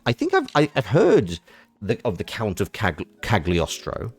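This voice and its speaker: A man commenting casually on a game as he streams it. His voice is low but lively, and his talk rambles and mocks himself. Soft game music plays underneath. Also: normal speed. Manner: rambling, self-mocking.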